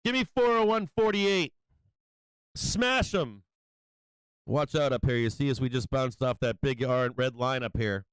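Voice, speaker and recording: A man hosting a live stock market stream, calling prices in an excitable, hyped way and chuckling often. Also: fairly high pitch, clear, resonant tone, no echo, rough recording. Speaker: stock market livestream host. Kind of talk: live trading commentary.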